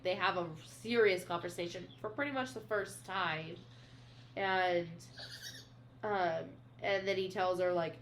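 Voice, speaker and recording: A woman's voice: medium pitch, slight background noise. Chatty woman recapping a book. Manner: animated, reads quoted lines aloud, many fillers. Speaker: podcast co-host. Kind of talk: casual book chat, recapping a novel.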